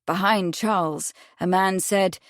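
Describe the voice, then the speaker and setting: With a medium-pitched voice, a woman narrates an audiobook from a script at a steady, measured pace. There's no room sound, and the quality is that of a studio.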